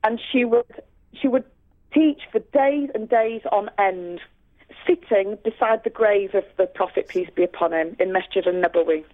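A woman's voice: mid-range voice, normal speed. Woman on a phone line telling stories all fired up, lots of restarts, tinny. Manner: earnest, passionate, with many restarts and fillers. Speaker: radio guest speaker. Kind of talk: storytelling on a radio show. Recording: phone-line call-in audio.

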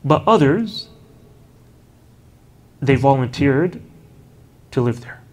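A man with a medium-pitched, animated voice gives a relaxed lecture about early Islamic history. Along the way he recounts stories, often using Arabic honorifics and tossing in casual "you know" remarks.

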